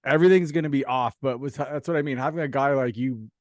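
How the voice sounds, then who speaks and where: A man hosting a hockey podcast, interviewing in a relaxed, profane, chatty way and laughing along. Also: medium pitch, fast talker, no room sound, clean studio sound. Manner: laid-back, profane, laughs often. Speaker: podcast host. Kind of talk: casual interview chat.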